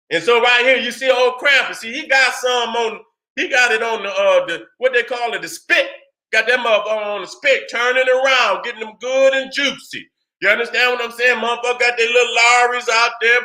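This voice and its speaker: A man's voice: very high voice, pushed and bright. A man hosting his channel, giving a heated, profane lecture and constantly asking whether listeners follow him. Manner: profane, emphatic, keeps asking "you see what I'm saying". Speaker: channel host.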